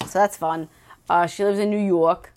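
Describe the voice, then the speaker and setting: A woman's voice: on the low side, steady tone, normal speed, a little mellow, a little hiss or hum. A woman co-hosting a casual podcast, recapping a book with mocking jokes, swearing and playful asides. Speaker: podcast co-host.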